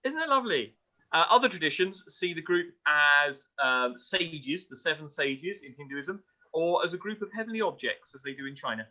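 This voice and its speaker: A man's voice: fairly high pitch, normal speed, bright, forceful tone. A man co-hosting an astronomy podcast, telling myths in a jokey, irreverent way. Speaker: podcast co-host. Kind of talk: casual chat about astronomy. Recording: dull lo-fi audio.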